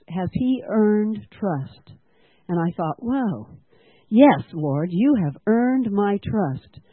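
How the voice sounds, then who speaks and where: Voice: mid-range voice, no room sound. Earnest preacher through a tinny, dry line. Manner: earnest, asks the congregation questions and has them repeat lines. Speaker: teacher at a church school. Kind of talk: sermon. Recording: dry, tinny phone-like sound.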